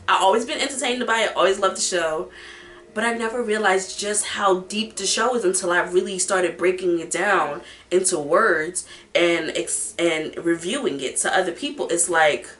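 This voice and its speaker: A woman's voice: fairly low pitch, a bit bright, reverberant. A woman reviewing a reality show in casual, emphatic talk, swearing freely and speaking straight to her viewers. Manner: emphatic, profane, talks to viewer directly.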